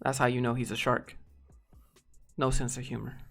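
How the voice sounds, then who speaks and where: A man's voice: mid-range voice, little pitch movement, normal speed, creaky, a bit bright. Blunt, rambling man with music behind. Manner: blunt, rambling, swears casually. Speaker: streamer talking to chat. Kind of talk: casual live-stream chat.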